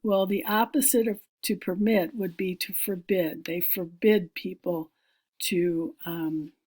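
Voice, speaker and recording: A woman's voice: fairly low pitch, fairly even intonation, slow, darkish tone. A woman teacher giving a recorded reading lesson, patiently explaining each word step by step and thinking aloud as she works through the page.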